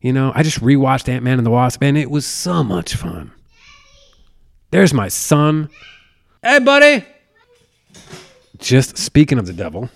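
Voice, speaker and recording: This is a man in his thirties with a gravelly, fry-tinged voice, hosting a podcast from his home. He talks in loose, swear-heavy rambles that keep drifting off on tangents. The recording sounds dry, with the mic close to him. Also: medium pitch, normal speed, darkish tone, no echo. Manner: profane, tangent-prone storytelling. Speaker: podcast host. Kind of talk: casual rambling chat.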